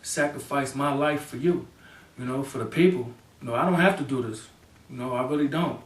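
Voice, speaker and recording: A man's voice: medium pitch, fairly quick. A man, a local party chairman, giving an impassioned spoken statement in a fervent, repetitive way, often adding "you know what I'm saying.". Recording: roomy echo, mic at a distance.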